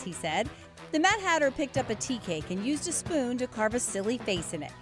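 A woman, a news anchor, reading a children's story aloud in an expressive, animated way. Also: on the high side, moderate pace, over music. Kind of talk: storybook narration.

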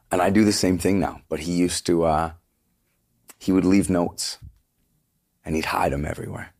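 Middle-aged man, very low voice, husky, earnest, rambling storyteller, interview guest. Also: steady tone, normal speed, pauses often, a little mellow. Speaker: touring singer, interview guest. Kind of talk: casual interview conversation.

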